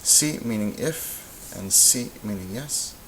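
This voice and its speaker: Low-voiced man explaining grammar. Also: takes it slowly, poor audio. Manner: relaxed explaining with many ums and uhs. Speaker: Spanish teacher. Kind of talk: recorded lesson voice-over. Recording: faint hiss.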